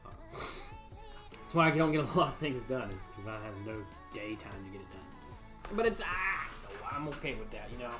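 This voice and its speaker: A man's voice: mid-range voice, lively intonation, moderate pace, over music. Laid-back man rambling on a home stream. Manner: rambling, laid-back, folksy, frequent fillers. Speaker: livestream host. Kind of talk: casual chat to a live stream. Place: home bar room with sound foam on the walls.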